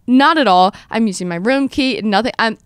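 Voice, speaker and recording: Smooth-voiced young woman telling a dramatic story. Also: a little high, fairly quick, no room sound. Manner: animated, dramatic storyteller acting out her own quotes. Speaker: podcast host. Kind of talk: casual storytelling chat.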